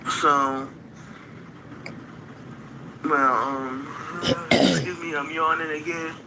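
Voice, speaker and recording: A woman in a played stream clip rambling on about being harassed and manipulated, with many pauses and fillers. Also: low voice, fairly even intonation, over a noisy crowd, low-quality recording. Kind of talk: rambling monologue.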